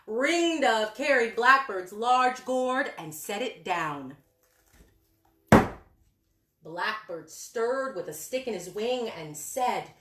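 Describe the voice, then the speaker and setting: A woman reading a picture book aloud to young children, animated and singsong, asking them questions as she goes. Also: on the high side, slow pace. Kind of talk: children's story time read-aloud. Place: indoor room with books. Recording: echoey room.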